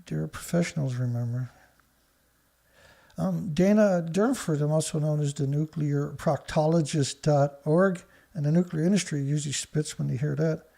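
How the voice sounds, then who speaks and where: A man's voice: fairly high pitch, normal speed, gravelly, warm tone. A man from Canada hosting a live-stream news show, talking casually in a sarcastic, rambling way and scoffing at headlines.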